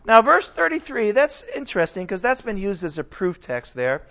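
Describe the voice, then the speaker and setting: A man teaching a Bible lesson in a casual, animated sermon style, often asking his listeners questions. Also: high-pitched, moderate pace, dull audio. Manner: animated, conversational, asks the audience questions.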